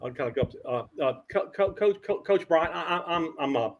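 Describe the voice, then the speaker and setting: An older man, a veteran sports writer, telling animated anecdotes as a guest, with stammering restarts and a husky voice. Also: a little high, a little fast, dull audio. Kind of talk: animated storytelling.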